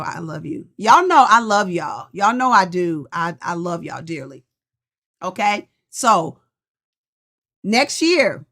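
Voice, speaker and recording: A woman coach talks casually and encouragingly to her followers, cheering them on to take action. Her voice sits a little high, and she keeps an easy, chatty rhythm as she calls them y'all. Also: a bit bright. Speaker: life coach and podcast host. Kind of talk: casual motivational chat to viewers.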